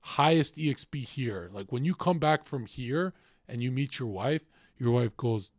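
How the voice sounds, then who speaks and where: A young man talking casually in a crude, rambling storytelling monologue, swinging from loud outbursts to mumbled asides. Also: mid-range voice, lively intonation, measured pace, no room sound, studio quality. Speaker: podcast host.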